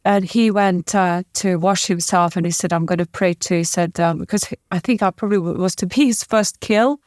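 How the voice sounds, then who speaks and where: A woman's voice: fairly low pitch, a little mellow, no room sound. Tearful woman with a dry close sound. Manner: halting, emotional retelling with many restarts. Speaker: podcast guest. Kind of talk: emotional interview storytelling.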